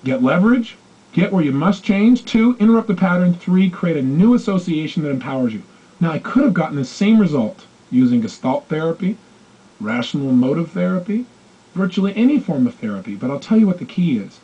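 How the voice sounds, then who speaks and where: A male motivational speaker who tells stories quickly and keeps his pitch swinging widely. His husky, mellow voice comes through a dull, lo-fi recording. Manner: animated, acts out quoted voices. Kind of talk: motivational storytelling talk.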